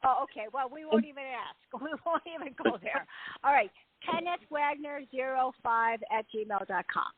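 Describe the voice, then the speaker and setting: A woman's voice: high voice, expressive, moderate pace, dry recording. A woman hosting a casual group call who is effusive and upbeat and tends to repeat herself. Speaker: host. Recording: tinny phone line, dry.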